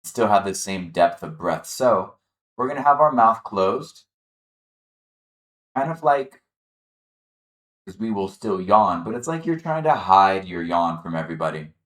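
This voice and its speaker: A man leading a chair yoga class, calmly guiding the listener through breathing and gentle movement. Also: sits low, a little slow, long pauses, reverberant. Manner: calm, encouraging, guiding the breath step by step. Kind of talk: guided exercise instruction.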